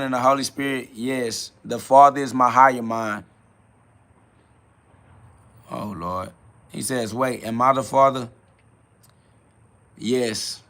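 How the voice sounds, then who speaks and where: A man's voice: mid-range voice, fairly bright tone. A man hosting a live stream, answering chat questions in a preachy, blunt way, with casual slang and quoted Bible verses. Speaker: livestream host.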